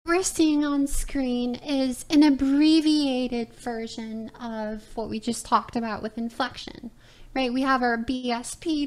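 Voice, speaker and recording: Woman voice coach, high pitch, slow deliberate lecture delivery, explanatory. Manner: methodical, explanatory, checks in with "all right" and "right?". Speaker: voice teacher. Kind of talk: recorded lecture presentation.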